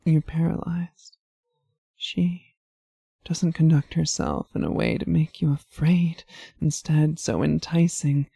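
A woman narrating an erotic story in the second person, in a slow, hushed, low-key way. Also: steady tone, creaky, breathy edge, no room sound.

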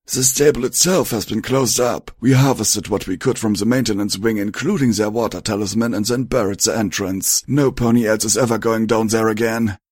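A man voicing a calm, kindly male pony doctor. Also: lowish voice, normal speed, hardly any pauses, husky, no echo, clean studio sound. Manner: calm, reassuring.

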